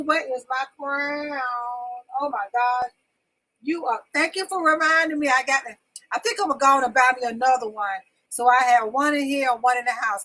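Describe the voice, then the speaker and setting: A woman's voice: high voice, sharp tone, rough recording. A woman hosting a casual livestream from home, chatty and repetitive as she calls her viewers in, itchy from poison ivy. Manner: chatty, repetitive call-outs to the audience. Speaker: livestream talk show host. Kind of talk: casual live-stream chat with viewers. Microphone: desk microphone.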